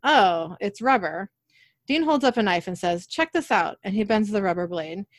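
A medium-pitched woman talking at normal speed recaps a TV episode on her podcast, with no room sound in the recording. Her retelling is casual and animated, and she reads the characters' lines herself.

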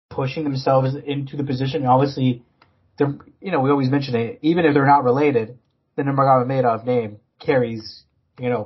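A man's voice: mid-range voice, breathy edge, dull audio. A man co-hosting a casual sports podcast, rambling with many fillers and restarts. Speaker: podcast co-host.

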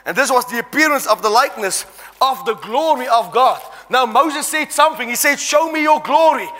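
A man's voice: very high-pitched, expressive, normal speed, sharp tone. A man preaching an impassioned sermon, reading scripture aloud and exhorting his congregation. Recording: long reverb in a large hall.

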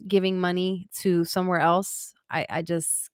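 A woman co-hosting a podcast, cutting in with quick teasing jokes. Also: fairly low pitch, little pitch movement. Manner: teasing, quick comic interjections. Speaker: podcast co-host. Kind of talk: casual chat.

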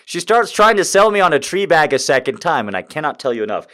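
A man's voice: a little high, very animated, fast talker, a bit bright. Guy doing a stand-up bit, swearing a lot, voice jumping all over, acts out everybody in the story. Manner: profane, exasperated, acts out the people in his story. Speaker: stand-up comedian.

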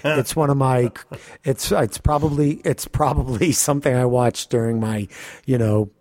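A man co-hosting a podcast, telling a story in casual chat, animated, swearing and laughing often. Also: medium pitch, normal speed, no echo. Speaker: podcast co-host.

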